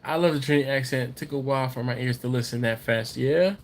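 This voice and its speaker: A man's voice: mid-range voice, a little fast. Chatty man hosting a live stream. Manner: chatty and rambling, laughs often, repeats words. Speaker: livestream host reading viewer chat. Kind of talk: casual live chat.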